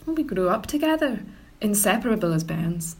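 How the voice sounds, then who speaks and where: A woman's voice: medium pitch, big pitch swings, a little fast, a little mellow, a little hiss or hum. A woman voicing an elderly, fussy, doting Scottish lady in a comedy audio drama, with a Scottish accent. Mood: soothing. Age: older.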